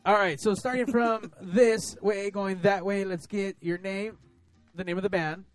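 Male host, high voice, crude joking banter, faint music under. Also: steady tone, measured pace. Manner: joking, laughs often. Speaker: podcast host.

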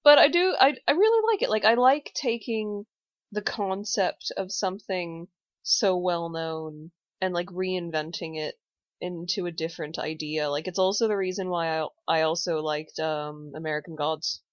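Low-voiced woman, blunt and deadpan. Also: normal speed, no echo. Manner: blunt, swears casually, deadpan asides. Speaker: podcast co-host. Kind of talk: casual chat. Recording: dull, dry lo-fi podcast audio.

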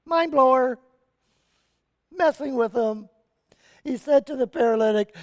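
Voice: sits high, unhurried, long pauses, long reverb tail. A pastor giving a sermon and telling a story with animation and casual asides. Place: church sanctuary.

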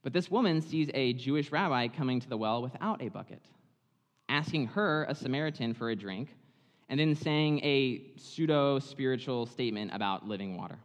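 Conversational preacher in a reverberant hall. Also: male voice, medium pitch, normal speed. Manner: animated, chatty, dramatizing the story. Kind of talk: sermon, conversational Bible storytelling.

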